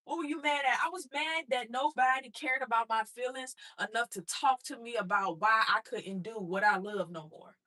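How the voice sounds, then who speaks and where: A woman's voice: on the high side, normal speed, hardly any pauses, bright, forceful tone. An adult woman and mother telling her own story in a blunt, streetwise motivational talk, speaking straight to her listeners.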